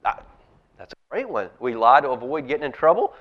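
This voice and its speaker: A man's voice: mid-range voice, very animated, fairly quick, fairly bright tone, muffled recording. A man, a pastor, giving a children's talk in a church service, telling a story and asking the kids questions. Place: church sanctuary.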